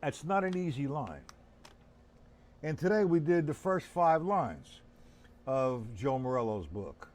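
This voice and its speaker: Older man teaching drums, lively voice. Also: fairly high pitch, measured pace, long pauses. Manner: chatty, instructive, addresses viewers by name. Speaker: drum teacher. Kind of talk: live-streamed drum lesson.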